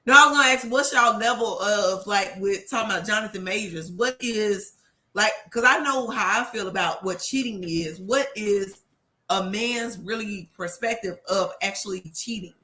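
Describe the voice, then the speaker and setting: An inquisitive woman in casual podcast chat, asking questions and steering the talk. Her voice is bright, at a middle pitch for a woman. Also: normal speed.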